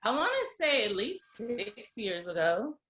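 A woman joins a podcast as a guest and chats in a friendly, easygoing way. Her voice is bright and fairly high, and it comes through with a roomy echo. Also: very animated, a little slow, a little hiss or hum. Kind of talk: casual podcast chat.

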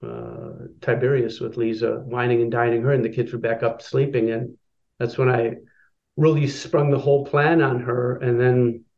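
A man's voice: medium pitch, moderate pace, gravelly. Man telling a personal story, dull lo-fi sound. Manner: personal, animated storytelling with filler words. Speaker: guest. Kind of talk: storytelling in an interview.

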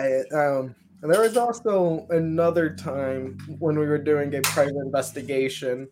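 A man, a guest paranormal investigator, telling his stories in a loose, rambling way with plenty of fillers. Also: on the high side. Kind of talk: casual storytelling.

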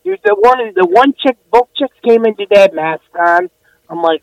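High-voiced swearing man telling a gross story. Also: huge pitch swings, moderate pace, gravelly, no echo, dull audio. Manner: profane, mock-outraged. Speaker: podcast co-host. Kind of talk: casual crude chat. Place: in bed, remote from studio.

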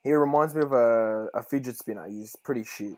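A man's voice: mid-range voice, brisk, heavy background noise. A man on a video call, joining a live stream as a guest, full of cheeky, slangy trash talk. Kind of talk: casual live-stream chat.

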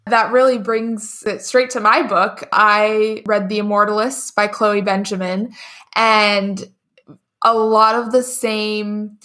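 Relaxed woman summarizing a novel. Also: mid-range voice, slow. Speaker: podcast co-host. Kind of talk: casual book discussion.

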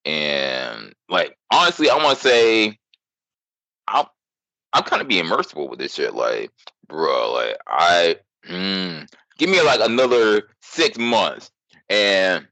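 A man's voice: deep voice, fairly bright tone, no room sound, poor audio. A man hosting a casual gaming chat, speaking in a laid-back, blunt, profane way. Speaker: podcast host.

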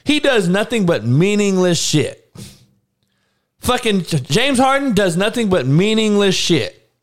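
Guy ranting hard, cursing a lot, pitch swings all over the place. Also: big pitch swings, a little slow. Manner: blunt, profane, heated ranting with laughs. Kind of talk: casual profane rant.

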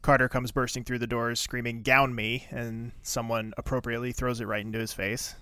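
A man's voice: mid-range voice, a little fast, no room sound, faint music behind. Wry man on a dry podcast mic. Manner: relaxed, wry, reads episode credits and ratings. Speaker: podcast co-host. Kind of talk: casual chat recapping a TV episode.

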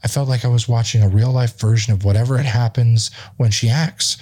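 A man's voice: mid-range voice, steady tone, a little fast, few pauses, darkish tone. A man hosting a podcast, reading a magazine article aloud in a casual tone, with offhand asides and stumbles. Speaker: podcast host. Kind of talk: casual read-aloud commentary.

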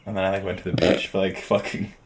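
A man co-hosting a podcast, telling stories in an animated, swear-heavy casual chat. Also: low-pitched, quick pace, a little hiss or hum. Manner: animated storyteller, swears a lot, laughs easily. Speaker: podcast co-host.

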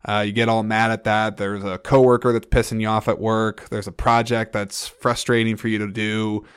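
A man's voice: lowish voice, flat delivery, normal speed, a bit bright, clean tone, no room sound, studio quality. A man hosting a solo film podcast, talking in an earnest, rambling way with frequent restarts and fillers. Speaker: podcast host.

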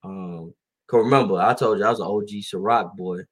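This is a young man in his twenties, co-hosting a casual podcast. He tells stories in loose slang and laughs easily. His voice sits a little low. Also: fairly quick. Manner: laid-back, laughs often, slangy storytelling. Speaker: podcast co-host. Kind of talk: casual chat.

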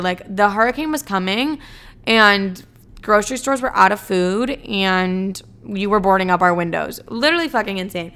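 A woman's voice: mid-range voice, normal speed, fairly bright tone, clear, resonant tone. A young woman in her twenties, answering fan questions in a blunt, profane, ranting chat full of "like". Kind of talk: casual chat.

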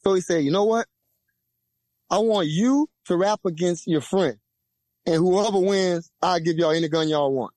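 A young man from Louisiana with a Louisiana accent, telling a profane, lively story as a podcast guest and acting out the voices of the people in it. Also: moderate pace, no room sound. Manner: lively, profane, acts out quoted voices with big pitch jumps. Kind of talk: animated storytelling.

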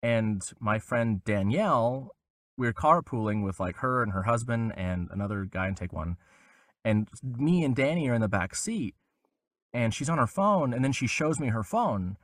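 A young man tells a lively story as a podcast guest. His pitch swings widely as he puts on the voices of the people he quotes. The sound is dry and close, with no room around it. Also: moderate pace, dry recording. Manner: animated, acts out quoted voices with big pitch jumps. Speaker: voice actor guest. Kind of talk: casual storytelling interview.

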